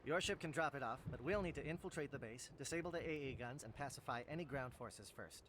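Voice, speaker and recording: A man's voice: medium pitch, expressive, a bit bright, slight background noise, close to an everyday voice. A man playing a grave alien captain. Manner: measured, solemn briefing tone. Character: grave alien military captain, stern and formal.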